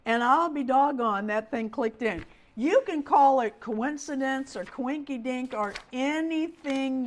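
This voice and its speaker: A woman's voice: on the high side, slight background noise. A middle-aged woman hosting a casual livestream, talking through a story with plenty of feeling. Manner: chatty storyteller, talks with feeling. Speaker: host of a doll livestream.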